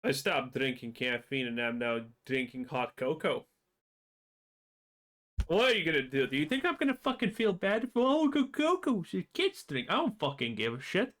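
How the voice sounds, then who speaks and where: A man reacting to a video on stream, mocking and profane, his voice jumping up when excited. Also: medium pitch, moderate pace. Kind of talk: casual reaction commentary.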